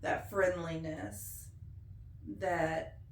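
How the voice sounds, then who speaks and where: Slow, folksy woman with Appalachian-Ozark twang. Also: low-pitched, flat delivery, slight background noise. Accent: Appalachian and Ozark blend. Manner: slow, homey and folksy with laughs. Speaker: interviewee. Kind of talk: oral history interview. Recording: roomy echo.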